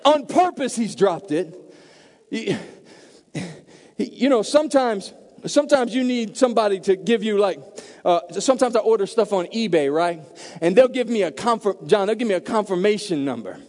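A man preaching a sermon to a congregation, swinging from hushed asides to loud, emphatic build-ups. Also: high voice, animated, normal speed. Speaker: pastor. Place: church sanctuary. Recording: long reverb of a large hall.

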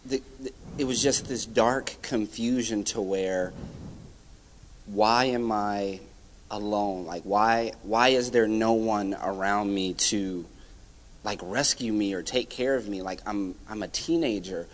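Young man, church testimony, animated storytelling, echoing hall. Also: on the low side, takes it slowly. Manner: animated storytelling, acts out quoted friends. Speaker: church guest giving a testimony. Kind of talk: personal testimony. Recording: hall reverb.

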